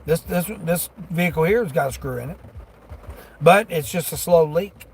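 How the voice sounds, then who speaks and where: A man's voice: fairly high pitch, moderate pace, a little hiss or hum. A delivery driver chatting casually on a live stream from inside his vehicle, rambling in a folksy way and chuckling often. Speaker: delivery driver livestreaming to chat.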